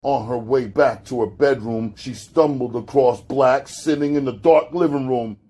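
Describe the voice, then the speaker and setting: Slow husky male audiobook narrator. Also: dark tone. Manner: slow, low-key storytelling with gritty street slang.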